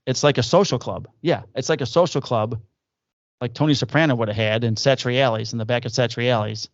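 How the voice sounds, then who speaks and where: Gravelly cop telling stories. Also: male voice, mid-range voice, fairly quick, no room sound, lo-fi sound. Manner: profane, animated anecdote telling with acted quotes. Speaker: podcast co-host, police officer. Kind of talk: casual storytelling chat.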